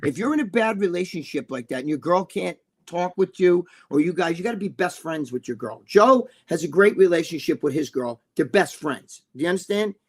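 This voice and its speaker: A man's voice: high-pitched, lively intonation, brisk, few pauses, slightly rough. A man with a New Jersey accent, co-hosting a casual live chat in a blunt, rambling, profane way. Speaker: co-host.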